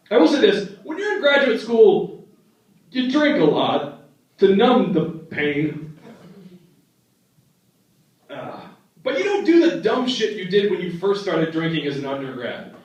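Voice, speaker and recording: On stage at a comedy club, a young man performs a stand-up set full of lively stories and rapid impressions of his relatives, his fairly high voice bouncing all over. The recording, made from the back, is echoey, dull, and far away.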